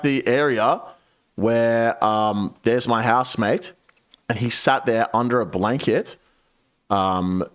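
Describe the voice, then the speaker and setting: Young male streamer, casual storyteller, lively and animated, swears freely. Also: on the low side. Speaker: game streamer. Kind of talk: casual storytelling while gaming.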